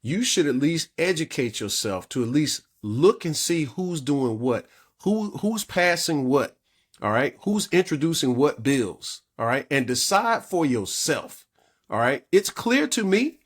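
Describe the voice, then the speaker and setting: A man's voice: on the high side, very animated, a little slow. Earnest persuasive male talk show co-host. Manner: earnest, persuasive, checks in with "all right?". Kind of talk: talk radio discussion.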